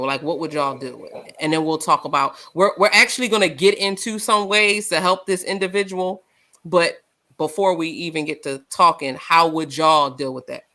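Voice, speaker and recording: A woman co-hosting a live discussion show, loud and passionate, telling stories with acted-out quotes. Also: low voice. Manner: animated, storytelling with acted quotes. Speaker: podcast co-host.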